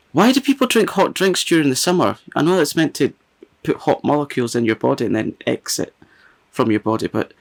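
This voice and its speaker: A man's voice: mid-range voice, gravelly. A man hosting his own channel, chatting casually and reading a funny review aloud, often breaking into giggles. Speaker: ASMR channel host.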